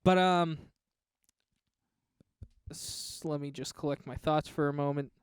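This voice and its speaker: Unhurried and smooth with a fairly high pitch, this movie podcast co-host is blunt and opinionated, getting animated when something riles him. The recording is dry with clean studio sound.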